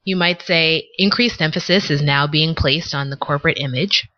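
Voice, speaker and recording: A woman co-hosting a podcast, teaching vocabulary in a scripted lesson and explaining words with example sentences in a measured way. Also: low-pitched. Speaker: podcast co-host. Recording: dull lo-fi recording.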